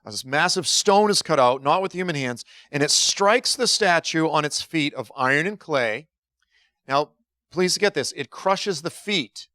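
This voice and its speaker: With a slightly high voice and a measured pace, a middle-aged preacher gives a conversational sermon full of animated stories. He performs the dialogue himself and chuckles at his own expense. The studio audio is clean, with no room sound.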